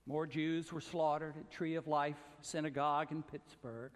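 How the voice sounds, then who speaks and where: Man, pastor from the American South, sermon, high voice, earnest, builds to emphatic calls then drops soft, long church reverb. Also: steady tone, a little slow, hardly any pauses.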